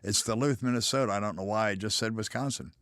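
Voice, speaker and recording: A casual American man answers viewer comments on a live stream in a slightly low voice. He talks loosely, often stopping to restart a thought with an "uh". The sound is close and dry, with no room in it. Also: fairly bright tone, dry recording. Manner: casual, halting, many fillers and restarts. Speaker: host.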